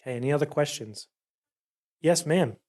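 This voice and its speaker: A man speaks to a city council chamber as a workshop facilitator. His delivery is casual and conversational. He keeps tagging his points with a quick "right?". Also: fairly high pitch, darkish tone. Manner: chatty, keeps asking "right?". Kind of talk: conversational presentation.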